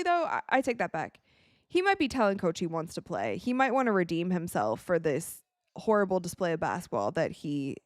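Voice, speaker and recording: An excitable woman from the United States giving casual live commentary while watching a game, tired and yawning, with quick reactions and frequent laughs. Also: fairly low pitch, no echo, studio quality. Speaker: live-stream sports commentator.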